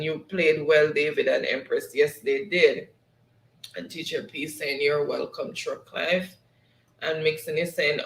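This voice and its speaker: A man's voice: a little high, creaky, fairly bright tone, reverberant, low-quality recording. A Jamaican man hosting a live stream in a casual chat, reading viewer comments aloud and laughing often between them.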